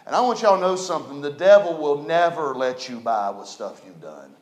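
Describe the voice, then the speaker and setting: A man preaching a folksy storytelling sermon, animated and building to emphatic preaching. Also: a little high, a little fast, hardly any pauses. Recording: echoey room.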